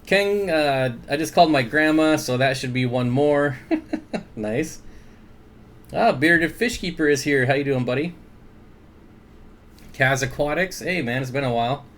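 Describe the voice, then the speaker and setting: A man's voice: on the high side, expressive, unhurried, pauses often. A man hosting an aquarium livestream in easygoing, casual chat. He reads viewer comments aloud, greets people by name and chuckles often.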